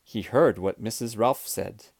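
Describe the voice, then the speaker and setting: A man reading a children's storybook aloud, clear, expressive and deliberate. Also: fairly low pitch, no room sound, clean studio sound. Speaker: storybook reader.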